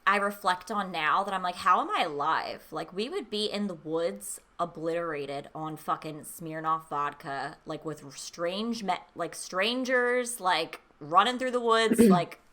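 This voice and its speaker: A woman's voice: fairly low pitch, measured pace, few pauses, a crowd in the background. A woman in her thirties co-hosting a casual chat stream, telling loose, swear-laced stories full of "like". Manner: loose storytelling, swears freely, lots of "like". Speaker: streamer co-host.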